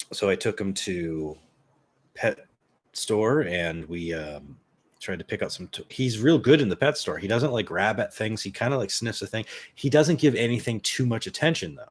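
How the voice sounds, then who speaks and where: A man's voice: low voice, slightly rough. A man in his thirties telling a casual story in a rambling way, with lots of fillers and some swearing. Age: 30s. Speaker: vlogger.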